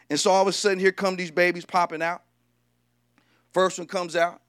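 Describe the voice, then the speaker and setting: A male preacher giving a lively, humorous sermon and talking directly to the congregation. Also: high voice, brisk, long pauses, clean tone, no room sound, studio quality.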